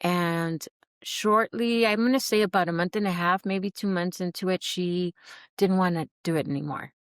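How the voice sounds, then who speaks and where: Middle-aged woman sharing her story on a podcast, kinda low voice, earnest and animated, dry close mic. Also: moderate pace, clean tone, no echo. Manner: earnest, animated, acts out quoted dialogue. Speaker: podcast guest, recovery program alumna. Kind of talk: heartfelt personal storytelling.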